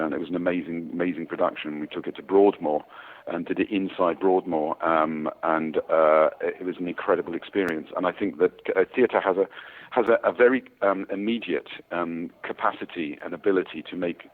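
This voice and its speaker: A man's voice: sits low, steady tone, normal speed. A man in his sixties, an actor talking about his work in a casual interview, rambling with many fillers and restarts. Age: 60s. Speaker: actor guest. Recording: tinny phone-like sound.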